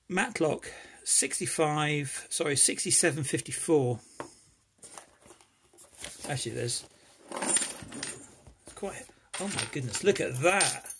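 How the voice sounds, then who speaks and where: Gravelly man, eager unboxing chat. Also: fairly high pitch, fairly bright tone, a little hiss or hum. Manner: enthusiastic, rambling, grateful. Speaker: lockpicking hobbyist vlogger.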